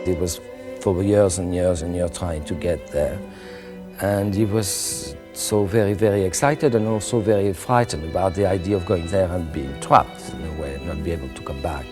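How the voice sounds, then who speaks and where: A man with a very deep voice speaks earnestly, repeating words for weight. Loud music nearly swamps him. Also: moderate pace. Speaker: interviewee.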